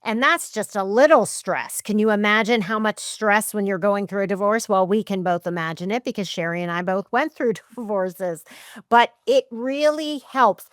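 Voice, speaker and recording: A middle-aged woman hosts a podcast in a lively, emphatic way, often acting out her own racing thoughts. Her voice is smooth and clear, and it sits in an ordinary middle register. The sound is dry and close, with no room around it. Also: medium pitch, normal speed, no echo. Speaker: podcast host. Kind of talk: casual podcast chat.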